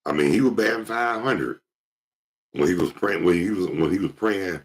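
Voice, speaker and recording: A man hosting his show, telling casual stories in an animated way and jumping into impressions. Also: low voice, normal speed, slightly rough. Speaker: show host. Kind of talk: casual storytelling monologue.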